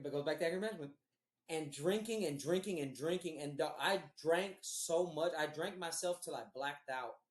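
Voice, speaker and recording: A man spins a wild personal story in a loose, cursing, animated podcast style. He laughs as he goes, and his voice carries a roomy echo. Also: a little high. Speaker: podcast host telling a story. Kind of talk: casual storytelling.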